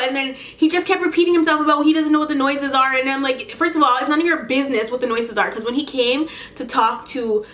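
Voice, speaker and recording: A woman's voice: a little high, fairly bright tone. Exasperated woman ranting in an echoey room. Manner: exasperated, incredulous, rhetorical questions. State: pregnant. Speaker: vlogger. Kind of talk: storytime vlog rant.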